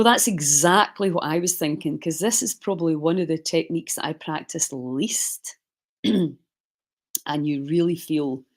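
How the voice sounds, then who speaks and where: A man's voice: a little high, creaky, low-quality recording. A man leading a guided breathing session on a live stream, chatty and reassuring as he coaches.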